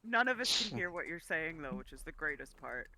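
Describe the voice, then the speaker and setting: A man's voice: on the high side, very animated, fairly quick, a crowd in the background. A man playing in a tabletop game, joking casually. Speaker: player.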